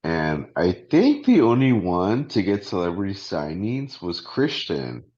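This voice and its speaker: A man's voice: low-pitched, huge pitch swings, a little slow, darkish tone. A man co-hosting a podcast who moves the casual talk along with short prompts and questions. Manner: easygoing moderator, steering the talk with short prompts. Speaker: podcast co-host. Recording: dull lo-fi recording.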